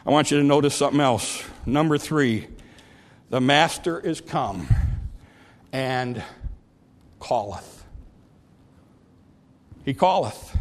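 A man preaching a sermon, swinging from loud, ringing calls to hushed, quiet lines. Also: mid-range voice, expressive, takes it slowly, long pauses, a little hiss or hum.

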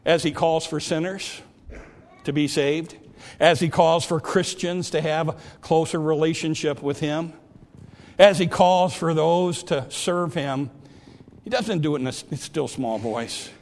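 Preacher guy, kinda high voice, goes loud then real quiet. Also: measured pace. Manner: dramatic swings from loud calls to hushed near-whisper. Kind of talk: sermon.

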